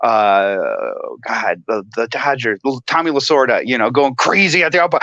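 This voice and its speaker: A man on a casual talk show, animated and laughing often as he tells a story. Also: mid-range voice, moderate pace, dry recording, dull audio. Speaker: guest.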